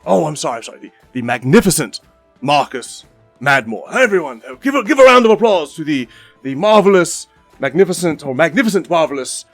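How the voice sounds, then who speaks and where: A man's voice: fairly high pitch, sing-song, fairly quick, fairly bright tone, faint music behind, pitched above the performer's own voice, full character voice. A man voicing a flustered male hall announcer who keeps stumbling over his words.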